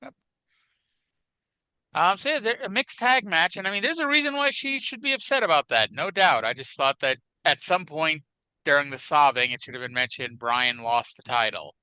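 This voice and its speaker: A man's voice: a little high, lively intonation, normal speed, bright, forceful tone, clean tone, no echo, rough recording. A man co-hosting a wrestling podcast in casual chat, wry and chatty with hedging asides, on a close mic. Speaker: podcast co-host.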